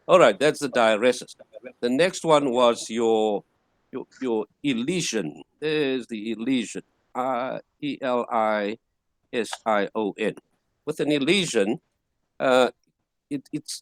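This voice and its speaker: A male teacher lecturing at an unhurried pace, repeating each word several times so students can copy it. His voice sits at an ordinary pitch. The recording is dry and close, with no room sound. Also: animated, no echo. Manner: patient, repeats words slowly to model pronunciation. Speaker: Greek teacher. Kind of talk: classroom lecture.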